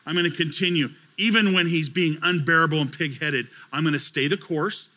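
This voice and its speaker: A man's voice: on the high side, a little fast, bright, forceful tone. A man preaching a conversational sermon to his church as pastor, telling stories with acted-out dialogue.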